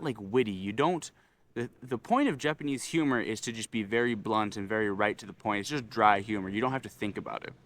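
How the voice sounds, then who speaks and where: A young man rants through a storytime vlog, cursing freely and getting worked up as he talks. His voice sits in an ordinary middle pitch. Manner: animated, swearing, frustrated ranting. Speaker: vlogger.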